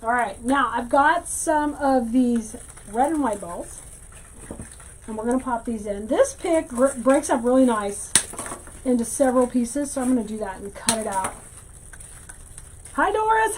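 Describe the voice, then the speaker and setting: Chatty high-voiced woman crafting live. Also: a little hiss or hum, rough recording. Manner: chatty, greets viewers by name, giggly. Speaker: livestream host teaching wreath making. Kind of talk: casual livestream crafting chat.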